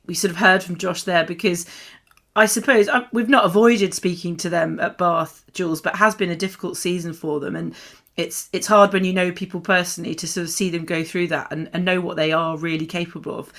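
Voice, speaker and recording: A woman's voice: fairly low pitch, steady tone, a little fast, fairly bright tone. A woman co-hosting a forces radio show, chatting casually with many fillers and reading sports news. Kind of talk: casual chat and news read.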